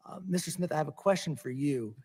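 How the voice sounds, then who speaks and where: A man questioning a witness at a formal hearing, pointed and hurried against a time limit. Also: a little high, lively intonation, a little mellow, slightly rough, long reverb tail.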